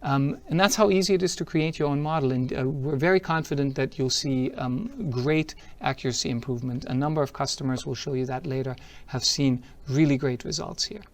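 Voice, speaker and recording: A man's voice: medium pitch, fairly quick. A man giving a product demo talk at a tech conference. He is upbeat and explains each step as he shows it. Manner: upbeat, explanatory, walks through steps as he shows them.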